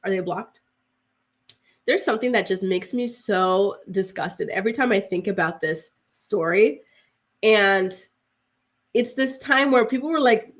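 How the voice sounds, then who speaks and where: A woman hosting a live celebrity news and gossip show chats casually, saying "like" a lot and reading out viewer comments. Her voice is medium in pitch and unhurried.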